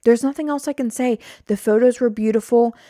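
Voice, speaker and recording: A woman's voice: on the high side, fairly even intonation, fairly quick, dark tone, no echo. Rambling solo podcast woman, dry mic. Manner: rambling, self-deprecating, swears freely. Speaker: podcast host. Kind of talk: solo casual podcast chat. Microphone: studio mic on a stand.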